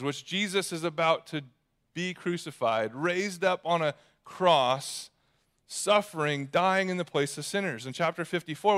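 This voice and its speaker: A man's voice: fairly high pitch, fairly bright tone, smooth. A young man preaching a sermon in a conversational, joking manner. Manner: conversational, jokey preaching with acted asides. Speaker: pastor.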